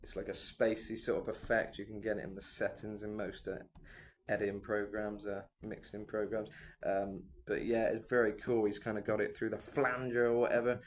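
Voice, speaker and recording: A man's voice: fairly low pitch, level tone, normal speed, a little hiss or hum. A man who sings himself, giving rambling, enthusiastic reaction commentary full of fillers. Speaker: music reaction vlogger and singer.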